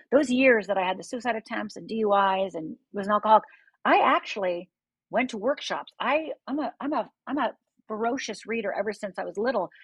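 A middle-aged woman with a husky, breathy voice that sits at an ordinary pitch for her. She tells her own story as a podcast guest, earnestly and vividly, and addresses the listener directly. The sound is dry and close. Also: no room sound, poor audio. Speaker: life coach guest. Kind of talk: personal storytelling in a podcast interview.

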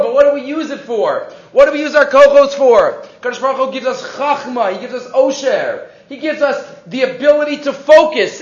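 Animated high-voiced man teaching Torah. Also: reverberant, dull audio. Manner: animated storytelling, mixing Hebrew and English, frequent restarts. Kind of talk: weekly Torah class.

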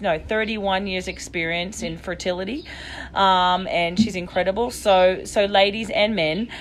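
A woman triathlon coach, chatty and excitable in a casual live chat. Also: mid-range voice, unhurried, slight background noise.

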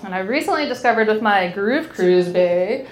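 A woman's voice: medium pitch, animated, normal speed, slight background noise. Giggly, frank young woman, roomy sound. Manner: frank, giggly, swears freely. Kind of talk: candid casual chat. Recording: roomy echo.

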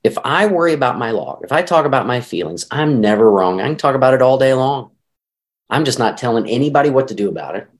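Speaking fast at a medium pitch, this middle-aged man, a marriage counselor, lays out his ideas in a lively, conversational podcast interview.

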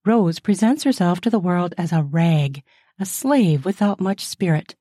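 A woman hosting a podcast, reading erotic fiction aloud in a slow, soft, intimate way. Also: lowish voice, lively intonation, no echo, clean studio sound.

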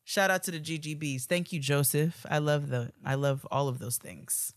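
A woman co-hosting a casual podcast, reading listener emails in an expressive way and often breaking into laughter. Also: deep voice, normal speed, dry recording, studio quality. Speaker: podcast co-host.

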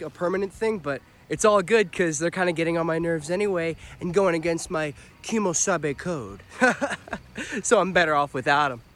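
A high, light-voiced young drifter, played by a man in a student film, shrugging off being lost and kicked out of home with easy laughter. His tone stays breezy and unbothered. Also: fairly bright tone. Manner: laid-back, laughing it off.

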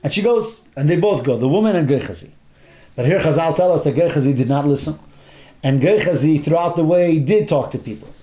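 High-voiced man teaching a Bible story. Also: a little fast. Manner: animated retelling with acted-out quotes and Hebrew terms. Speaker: Torah teacher. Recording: roomy echo.

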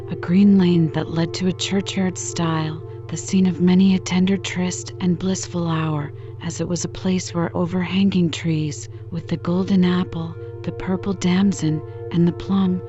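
Soft-spoken woman reading a bedtime story. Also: fairly low pitch, muffled recording. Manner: soft, calm, partly whispered. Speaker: sleep podcast reader.

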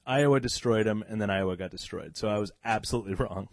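Man, lively anecdotes with laughs, low voice, dry recording. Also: fast talker, dry recording. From New England. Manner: animated, laughing, acts out quoted voices. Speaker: guest, event emcee. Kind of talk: casual storytelling.

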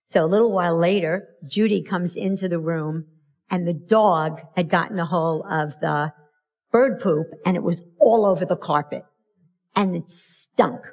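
Slow, emphatic woman parenting speaker. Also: on the low side, a little mellow. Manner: storytelling, emphatic, acts out quotes. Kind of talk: motivational talk to an audience.

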